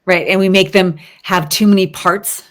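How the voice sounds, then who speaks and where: A medium-pitched woman speaks at normal speed with fairly even intonation. She is a resilience expert on a podcast in casual interview conversation, thoughtfully coaching her listeners, with frequent ums and rhetorical "right?"s.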